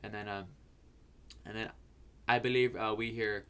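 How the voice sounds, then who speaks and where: A man's voice: fairly low pitch, little pitch movement, normal speed, sharp tone, clean tone. A young man hosting a fantasy football video, telling a story in a rambling way, stammering and repeating words and swearing casually.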